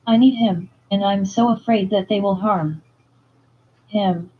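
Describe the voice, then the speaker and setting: A woman's voice: medium pitch, a little slow, husky, narrow, tinny audio. A woman reading the lines of a distraught young pregnant woman, pleading and anxious.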